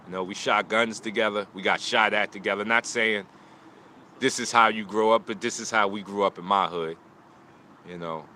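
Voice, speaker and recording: This emotional live stream features a martial arts teacher speaking in short, preachy lines about loss and motivation, recorded on a phone outdoors. His voice is fairly low-pitched and sharp-toned, with fairly even intonation and a moderate pace, over slight background noise.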